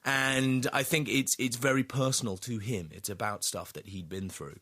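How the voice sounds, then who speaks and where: An actor talking as a radio interview guest, thoughtful and full of restarts. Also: male voice, mid-range voice, steady tone, moderate pace, pushed and bright. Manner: thoughtful, rambling with many restarts.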